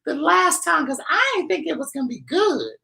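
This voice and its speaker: A man voicing a pleading female fan who begs for a recipe again, in a whiny high falsetto. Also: very animated, normal speed, vocal fry, sharp tone, exaggerated voice.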